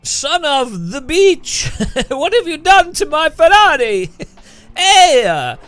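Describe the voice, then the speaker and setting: A man putting on an Italian accent to play a hot-tempered Italian car builder, exaggerated and shouting. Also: very high voice, sing-song, takes it slowly, dry recording, pitched above the performer's own voice, exaggerated voice. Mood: outraged.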